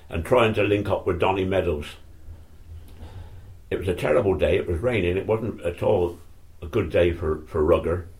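An older man telling old stories in a rambling, self-correcting way during an interview. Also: deep voice. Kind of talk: reminiscing oral history.

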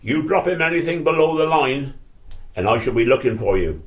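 A man's voice: fairly high pitch, lively intonation, brisk, pitched above the performer's own voice. A man putting on a bellowing Forest of Dean rugby forward. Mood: commanding. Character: gruff older male rugby forward, protective and commanding.

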